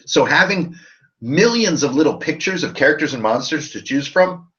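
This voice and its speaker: A man hosts a live stream about tabletop role-playing games, tipsy from drinking and rambling on in loose, profane bursts. His voice sits at an everyday middle pitch. The recording sounds dull and lo-fi. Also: bright, forceful tone. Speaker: host of a tabletop RPG channel. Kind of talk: casual live-stream chat.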